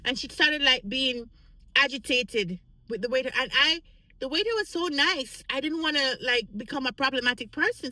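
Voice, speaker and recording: A woman's voice: high voice, normal speed, no echo, low-quality recording. A woman vlogger telling a casual work story, acting out the voices of the people in it. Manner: animated, acts out quoted voices.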